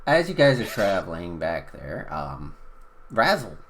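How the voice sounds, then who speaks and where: Man, game master, lively pitch, relaxed, hesitant. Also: unhurried, a little hiss or hum. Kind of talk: narrating a tabletop game.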